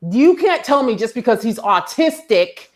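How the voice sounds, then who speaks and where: A woman in her forties telling a story in a casual group chat, animated and acting out the people she quotes. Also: a little high, moderate pace.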